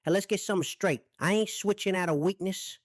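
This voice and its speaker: A man's voice: high voice, fairly quick, no echo, studio quality. A synthetic male voice playing a cocky AI mobster boss with a New York mobster accent, talking tough and profane. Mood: swaggering. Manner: profane tough-guy swagger. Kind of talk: AI chatbot character talk.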